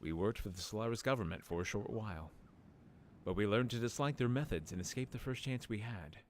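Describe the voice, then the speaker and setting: A man voicing a serious older male guardian who speaks in a low, measured, solemn way. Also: slight background noise, natural voice. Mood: grave. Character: steady older male swordsman guardian, grave.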